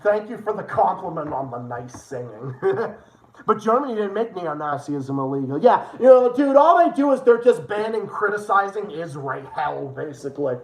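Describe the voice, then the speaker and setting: A man's voice: sits high, big pitch swings, moderate pace. A man hosting a livestream, ranting with heated, profane political commentary. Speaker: livestream host. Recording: roomy echo.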